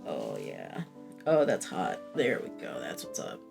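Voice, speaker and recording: Over music, a woman in her 30s with an extremely low, vocal-fried voice swings widely in pitch at a moderate pace. She's a fashion vlogger chatting through a casual review vlog, candid, rambling and self-deprecating, swearing frequently.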